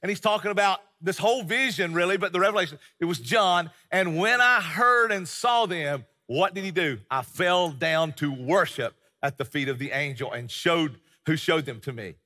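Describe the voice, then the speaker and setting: A middle-aged male pastor preaches in a high, bright voice that rings out with a long reverb through a church hall. He keeps it conversational, piling on fillers and quick restarts. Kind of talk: sermon.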